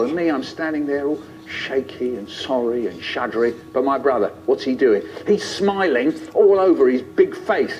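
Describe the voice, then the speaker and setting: A man's voice: medium pitch, moderate pace, few pauses. Playful man telling a story. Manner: playful and expressive. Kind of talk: animated storytelling. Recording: lo-fi, muffled.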